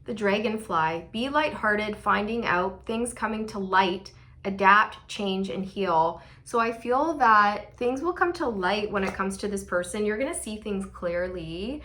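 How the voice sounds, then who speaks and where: A woman's voice: mid-range voice, expressive, measured pace, fairly bright tone. A woman giving a casual tarot reading, chatty and sassy, with playful laughing asides. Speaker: tarot reader.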